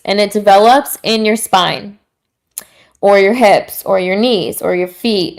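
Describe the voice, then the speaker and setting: A woman hosts a podcast in a loose, casual way. Her speech is slangy, candid and straight to the point, and her voice sits at a middle pitch. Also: creaky. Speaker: podcast host. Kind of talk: casual talk.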